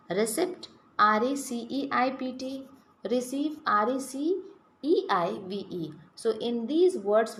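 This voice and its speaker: A woman teaching a grammar lesson to children, spelling words out letter by letter and asking the class questions. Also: fairly high pitch. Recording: echoey room with faint background noise.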